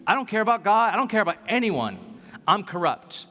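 A man voicing a corrupt, arrogant male judge who brushes everyone off, loud and scornful. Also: high voice, big pitch swings, brisk, voice pushed up, exaggerated voice. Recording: echoey hall.

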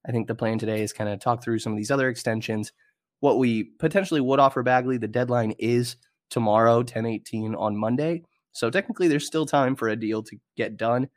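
A man hosting a casual sports podcast, a little congested and nasal, talking in a relaxed conversational way. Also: mid-range voice, brisk, no echo, clean studio sound. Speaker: podcast host.

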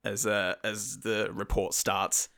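A man in casual podcast chat, wry with deadpan jokes. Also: on the low side, slow pace, gravelly.

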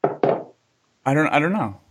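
A man's voice: a little high, sing-song, takes it slowly, husky. A man chatting as a podcast guest, joking and rambling. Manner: joking, rambling, swears casually. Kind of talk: casual chat.

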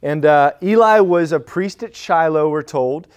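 A man's voice: a little high, unhurried, smooth. Casual-sounding male pastor preaching. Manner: casual, conversational preaching with fillers and restarts. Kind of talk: sermon.

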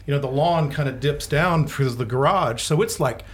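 A man's voice: fairly high pitch, brisk, slightly rough. An older man co-hosting a podcast, telling stories in a profane, ranting way, acting out the people in them. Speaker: podcast co-host. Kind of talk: casual chat.

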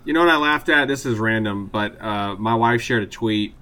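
A man's voice: on the low side, normal speed, pushed and bright. A man, co-hosting a podcast in a laid-back, casual way. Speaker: podcast co-host. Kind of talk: casual chat.

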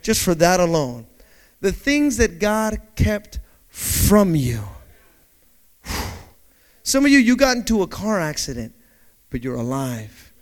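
A man preaching in a church with a high, animated voice that climbs and dips freely. He tells a story, then builds up to shouted preaching. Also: slow, long pauses. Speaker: pastor. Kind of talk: sermon with personal story.

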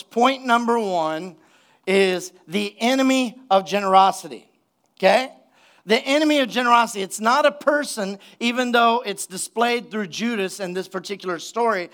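A male pastor with a notably high voice preaching to his church congregation. He is energetic and conversational, breaking from scripture reading to joke and to ask the room for an amen. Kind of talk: sermon. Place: church sanctuary.

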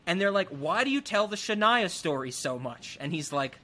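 Animated man retelling a film. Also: sits high, normal speed. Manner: animated, acts out characters' lines. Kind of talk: casual film recap chat.

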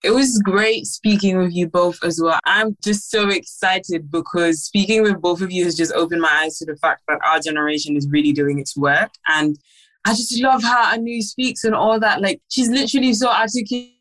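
A woman's voice: on the low side, moderate pace, fairly bright tone, poor audio. A young woman guest on a podcast, chatting casually and gushing with enthusiastic praise.

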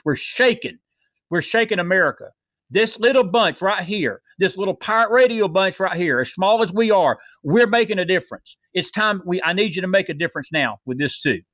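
Male co-host, heated political talk radio, high voice, fiery and preachy, dry close sound. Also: a bit bright, dry recording. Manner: fiery, preachy, rallying listeners.

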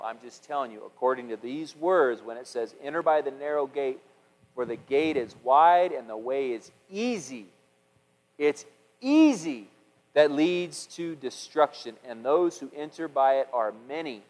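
A middle-aged man preaching a sermon as pastor, animated, with repeated words and restarts, swinging from loud passages to hushed ones. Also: medium pitch, in a large hall, low-quality recording.

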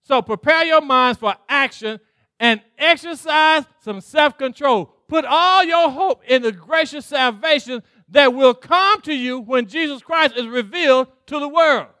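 Male pastor, sermon delivery, very high voice, dry close sound. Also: measured pace, sharp tone, no room sound. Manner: preaching with call-outs, acting out God's voice, laughing.

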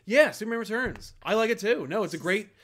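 A relaxed man from New Jersey chatting as a co-host. He talks loosely and tosses in a lot of filler words. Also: high voice, quick pace. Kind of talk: casual chat.

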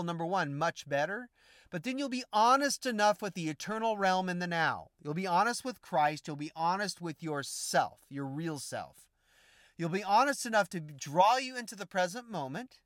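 A man's voice: high voice, a bit bright, dry recording, studio quality. A man giving an informal Christian spiritual message to viewers, emphatic and repetitive, speaking straight to his listeners. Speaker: Christian teacher.

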